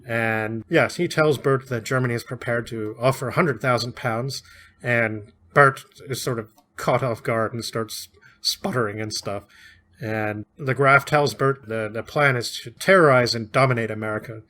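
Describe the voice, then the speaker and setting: A man's voice: medium pitch, moderate pace, bright, forceful tone. A man co-hosting a podcast, casually recapping and discussing a classic novel, chatty and often laughing. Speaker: podcast co-host.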